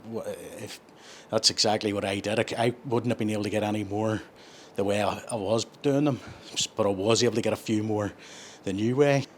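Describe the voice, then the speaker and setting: Guy vlogging at the gym, lowish voice, rambles and corrects himself, faint gym hum behind. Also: fairly even intonation, a little fast. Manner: rambling, self-correcting, explanatory. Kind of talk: casual explanation between sets.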